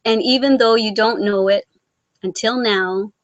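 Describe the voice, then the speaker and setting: A woman's voice: a little high, fairly even intonation, unhurried, no echo, dull audio. A woman of Mexican origin hosting a casual live vlog, reading out viewer comments in a rambling, sentimental, self-deprecating way. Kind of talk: casual live-stream chat.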